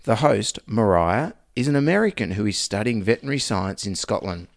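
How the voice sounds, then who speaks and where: A man's voice: lowish voice, lively intonation, brisk, creaky, dry recording. A man with an Australian accent, a veterinarian hosting his podcast, reading a scripted intro with a dry, joking tone.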